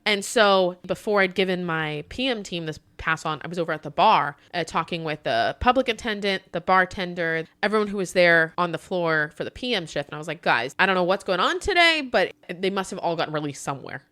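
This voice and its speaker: A woman with a Texan accent, co-hosting a casual podcast and telling a work story in an animated way, acting out quotes and laughing often. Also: fairly low pitch, fairly quick, few pauses. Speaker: podcast co-host.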